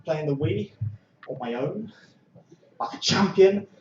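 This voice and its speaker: A man performing a stand-up comedy set on an open stage, talking casually and breaking into shouted bursts when he acts out scenes. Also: a little high, animated, takes it slowly, roomy sound, lo-fi sound, a little hiss or hum. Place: small comedy club stage.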